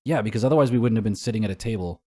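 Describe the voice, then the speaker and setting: Laid-back teasing man, low voice. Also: rapid-fire, dark tone. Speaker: podcast co-host, music promoter. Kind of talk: casual podcast chat.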